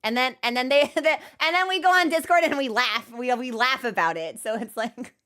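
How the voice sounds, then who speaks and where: A woman's voice: high voice, brisk, fairly bright tone. Chatty young woman streamer rambling. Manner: chatty, rambling with many fillers and restarts. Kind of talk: casual stream chat.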